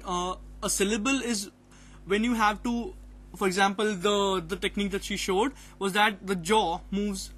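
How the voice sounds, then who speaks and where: A man's voice: sits high, a bit bright. A man presenting a phonetics topic in class, partly reading out his notes and hesitating often with fillers. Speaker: student presenter.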